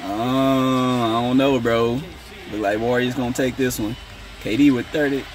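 A man reacting live to a basketball game, slangy and excitable, talking straight to his viewers. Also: mid-range voice, unhurried. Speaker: sports reaction YouTuber.

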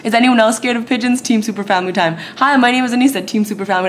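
A woman's voice: a little high, fast talker, few pauses, slight background noise. A young woman in her twenties talking to camera at home in a chatty, slangy daily vlog. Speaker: vlogger. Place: at home, indoors.

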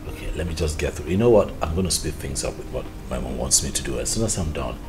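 A Nigerian man playing a young boyfriend who gently soothes and reassures his girlfriend. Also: rumbling low, animated, fast, over music. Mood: soothing. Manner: soothing, repeats himself.

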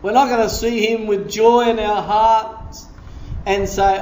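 High-voiced impassioned male pastor preaching. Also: little pitch movement, unhurried, darkish tone, a little hiss or hum. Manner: emphatic, impassioned, blunt. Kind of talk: sermon. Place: church meeting room. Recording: roomy room, faint guitar.

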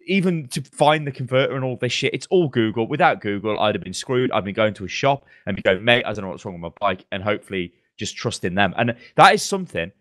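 A man's voice: medium pitch, sing-song, fast talker, hardly any pauses, dry recording, studio quality. A man co-hosting a gaming news podcast, chatting casually with lots of swearing and ranting asides. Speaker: podcast co-host. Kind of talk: casual chat.

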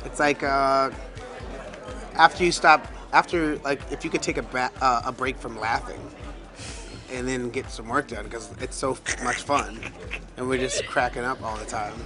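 A man's voice: mid-range voice, steady tone, normal speed. An American man, a talent show judge, answering in a casual interview with a lot of ums and restarts. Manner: hesitant, lots of ums and restarts. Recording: music behind.

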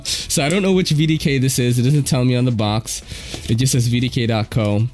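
A man hosting his channel, chatting casually and excitedly in slang while unboxing at home. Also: mid-range voice, normal speed, faint music behind. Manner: slangy, excitable, loud exclamations. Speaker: channel host reviewing knives. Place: at home at a table.

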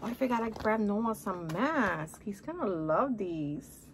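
A woman's voice: medium pitch, animated, measured pace, slight background noise. A middle-aged woman chatting casually through a shopping haul at home, gushing and exclamatory, talking straight to her viewers and calling them guys and honey. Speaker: haul vlogger.

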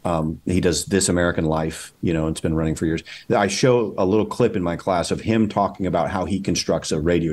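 Very deep-voiced man, halting and thoughtful. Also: darkish tone. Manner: thoughtful, halting, many fillers and restarts. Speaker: guest, documentary filmmaker and teacher. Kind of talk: casual conversation.

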